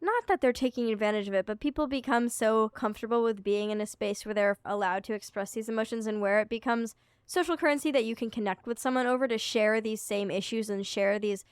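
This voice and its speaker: A young woman co-hosts a podcast, chatting, reflecting, and laughing often in casual conversation. Her voice is fairly high, quick, and smooth, recorded at studio quality with no echo.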